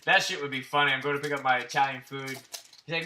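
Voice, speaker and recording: A man's voice: mid-range voice, fairly even intonation, quick pace, pushed and bright, a little hiss or hum. Brash, profane man calling out baseball cards. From Central Florida. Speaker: card break host. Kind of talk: casual card-opening chat.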